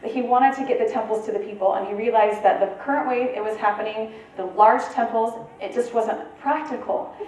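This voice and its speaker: A woman with a fairly high voice gives a conversational presentation to a live audience, often checking in with her listeners. Her voice bounces around a very echoey meeting room. She sounds a little far from the mic, with a faint hum of ambience behind her. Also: a little fast, a little mellow. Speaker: conference presenter. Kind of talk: informal talk to a live audience.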